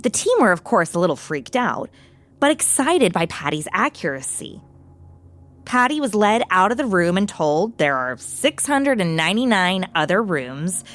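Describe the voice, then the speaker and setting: A woman's voice: fairly low pitch, very animated, normal speed, fairly bright tone. A woman giving scripted narration between interview clips, with a dramatic storytelling delivery. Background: music.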